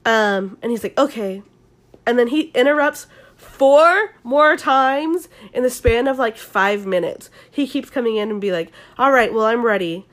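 Chatty young woman, animated ASMR recap. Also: on the high side, measured pace. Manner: chatty, animated, swears, lots of "like" fillers. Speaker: podcast host recapping a reality show. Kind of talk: ASMR-style recap chat.

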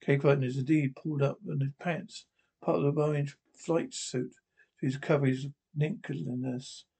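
A man reading a TV episode aloud with descriptions, halting and restarting often. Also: mid-range voice, fairly even intonation, creaky, dark tone, breathy edge.

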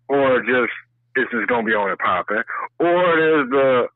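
Animated, profane man on a tinny line. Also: medium pitch, normal speed, dry recording. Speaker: co-host. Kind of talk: casual chat. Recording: tinny phone-like line, dry.

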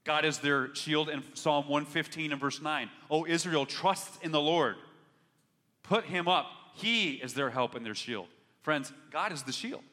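The preacher's voice sits on the high side, sharp in tone and a little slow. He speaks earnestly, pushing with more force when urging and repeatedly restarting, while a long hall reverb trails each line.

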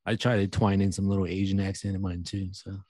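A man's voice: low voice, monotone, fast, a little mellow, no room sound, clean studio sound. A man co-hosting a podcast in casual chat, laid-back and easygoing. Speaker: podcast co-host.

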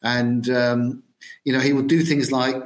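A man's voice: mid-range voice, level tone, a little slow. Man musing in an interview. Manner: thoughtful, hesitant with many ums. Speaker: guitarist and producer, guest. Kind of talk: podcast interview.

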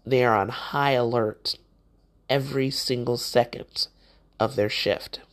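A woman's voice: rumbling low, fairly even intonation, unhurried. A woman hosts a motivational podcast and talks straight to the listener. Her delivery is conversational and encouraging, like a casual pep talk. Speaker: podcast host.

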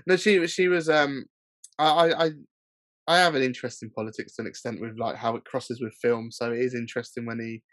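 A man's voice: mid-range voice, fairly even intonation, brisk, fairly bright tone, no echo. A man telling stories in a casual chat, stop-start and laughing often. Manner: rambling, stop-start storytelling with frequent laughs. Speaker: guest filmmaker.

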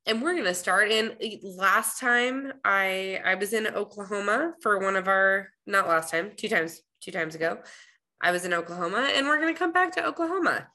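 A young woman co-hosting a podcast in relaxed casual chat. Her voice sounds bright. She trades dry, teasing remarks with her co-host. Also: medium pitch, moderate pace.

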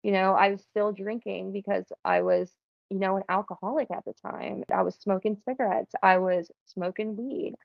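A woman's voice: medium pitch, steady tone, normal speed, gravelly, dry recording, lo-fi sound. A young woman telling her personal faith testimony in a casual, earnest way, often saying "like". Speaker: guest sharing testimony.

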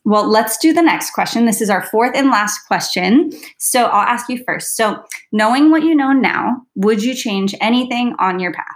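A woman's voice: fairly high pitch, lively intonation, normal speed, hardly any pauses. A woman dietitian co-hosting a podcast in casual, reflective chat full of "like" fillers. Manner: chatty and reflective, many fillers like "like".

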